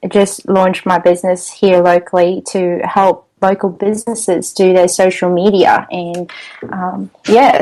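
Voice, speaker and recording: A woman's voice: on the low side, mellow, low-quality recording. A woman with an Australian accent, a podcast guest in casual interview chat, cheerful and laughing often as she talks.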